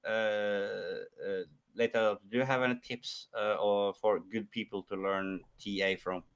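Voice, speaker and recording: A man's voice: fairly low pitch, steady tone, measured pace, clean tone. A man speaking as a guest on a live stream, hesitant and full of "uh" and "um" fillers. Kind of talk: casual live-stream chat.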